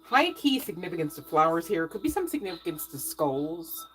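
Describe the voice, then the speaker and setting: A woman's voice: on the low side, very animated, moderate pace, a bit bright, soft background music, poor audio. A woman reading tarot cards in a casual, chatty way, with playful asides and frequent "okay?" check-ins. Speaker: tarot reader.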